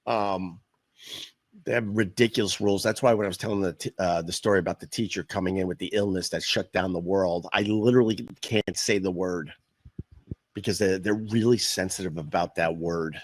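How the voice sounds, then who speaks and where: A middle-aged man from Long Island hosts a livestream, rambling bluntly and swearing freely in a deep, low voice. The sound is dry and close, with no room around it. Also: steady tone, a little fast, no room sound. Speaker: podcast host. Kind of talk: casual livestream chat.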